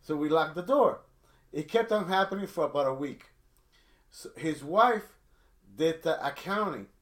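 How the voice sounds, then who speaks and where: Man, middle-aged, casual storytelling, fairly high-pitched, rambling, restarts. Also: animated, moderate pace. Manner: rambling, many restarts, acts out quotes. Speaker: storyteller guest.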